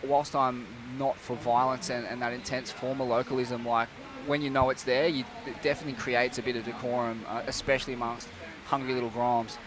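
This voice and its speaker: Laid-back bloke rambling. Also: male voice, mid-range voice, level tone, brisk, hardly any pauses, crowd noise. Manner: laid-back, rambling, many fillers and restarts, says mate. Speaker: surf commentator. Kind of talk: casual chat. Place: outdoors at a beach event.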